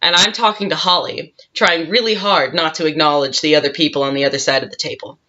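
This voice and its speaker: A woman's voice: sits low, fairly even intonation, quick pace, sharp tone. A woman cosplayer telling a convention story in a casual storytime vlog, chatty, with frequent laughs and fillers, on a dull, lo-fi recording. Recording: dull lo-fi sound.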